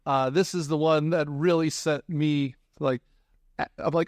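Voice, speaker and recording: A man's voice: on the high side, moderate pace, dry recording, clean studio sound. A man hosting a casual movie podcast, rambling and hesitant and often breaking into laughter. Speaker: podcast host.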